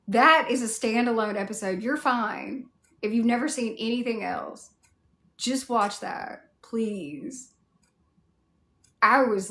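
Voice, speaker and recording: Southern lady rambling on a livestream, lots of "like", gravelly fry, echoey room. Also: fairly high pitch, fairly bright tone. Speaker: cosplay streamer answering viewer chat. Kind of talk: casual livestream chat.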